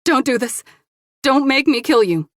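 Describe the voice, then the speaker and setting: A woman's voice: high voice, animated, unhurried, a bit bright, dry recording, clean studio sound, pitched above the performer's own voice. A woman voicing a terrified woman holding a gun, pleading with a cracking voice. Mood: panicked.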